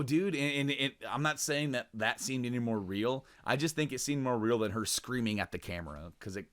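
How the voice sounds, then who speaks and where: A man's voice: on the low side, fairly bright tone. A young man in casual podcast chat, rambling with lots of fillers and restarts, cursing freely and jumping into a raised voice to act out quoted lines. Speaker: podcast co-host.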